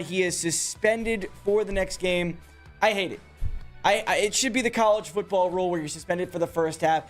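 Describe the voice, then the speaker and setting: A man co-hosting sports talk radio who gives opinionated takes, often stumbling and restarting his sentences. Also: high voice. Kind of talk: casual sports radio banter.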